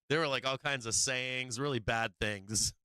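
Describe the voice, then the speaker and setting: A man's voice: mid-range voice, bright, forceful tone, clear, resonant tone, no room sound. A man from Boston hosting a live market stream, rambling in casual chat and laughing often at himself. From Boston, USA. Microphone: streaming microphone on an arm.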